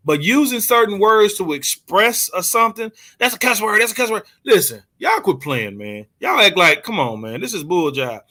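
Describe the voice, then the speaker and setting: A man talks in casual chat, telling a story with a lot of animation and laughing as he goes. His voice sits high and sounds bright and forceful, and he sometimes stops to hunt for a word. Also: normal speed, hardly any pauses. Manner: animated storyteller, laughs often, searches for words. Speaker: co-host.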